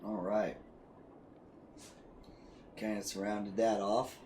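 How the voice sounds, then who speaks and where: A man's voice: lowish voice, little pitch movement, takes it slowly, darkish tone, slight background noise. A man streaming a city-building game, casually thinking aloud and asking his chat for ideas. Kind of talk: casual gameplay commentary.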